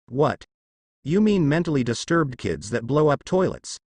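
A man voicing a skeptical teenage demigod boy who asks flat, doubting questions. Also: mid-range voice, a little slow, slightly rough, no room sound, studio quality.

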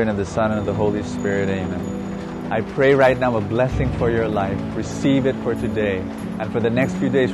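A man, a preacher, invites viewers to support his ministry and prays a blessing over them. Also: fairly low pitch. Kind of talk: ministry appeal and blessing prayer.

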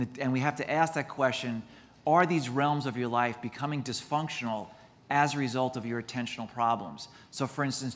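A man's voice: medium pitch, fairly bright tone, long reverb tail. A man, a doctor, giving a conference lecture in a chatty, self-deprecating way, mixing medical points with stories.

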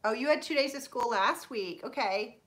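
Her voice is on the high side and a bit bright, at a normal speed, as this woman from Florida, USA, runs a live stream. Chatting casually, she welcomes viewers by name, laughs frequently, and sheepishly apologizes for mispronouncing names.

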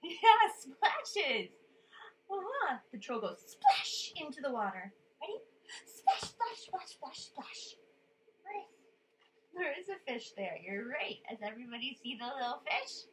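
A woman's voice: sits high, very animated, moderate pace, a bit bright, slight background noise, low-quality recording. A woman reading a children's story aloud, playful and coaxing a young listener to join in with sounds.

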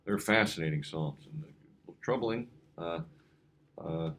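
A man's voice: sits low, animated, slow, a bit bright, a little hiss or hum. A man preaching a conversational evening devotion as a pastor, talking loosely with frequent fillers and restarts. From United States. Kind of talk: informal devotional sermon.

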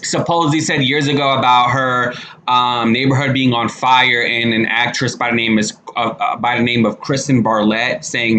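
A man's voice: mid-range voice, little pitch movement, moderate pace, sharp tone, slight background noise. A man giving casual, slangy commentary, talking animatedly with lots of fillers and restarts. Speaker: commentary vlogger.

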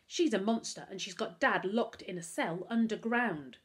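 A woman's voice: mid-range voice, normal speed, pitched above the performer's own voice, close to an everyday voice. A woman voicing an anxious, determined boy who pleads urgently and breathlessly. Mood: upset.

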